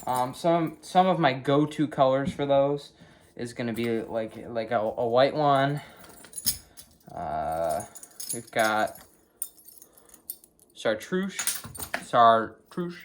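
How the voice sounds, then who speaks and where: A man's voice: medium pitch, lively intonation, takes it slowly. A young man with a Wisconsin accent, talking casually through his gear in a vlog, filling gaps with lots of ums and okays. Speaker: fishing vlogger. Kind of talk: casual show-and-tell vlog.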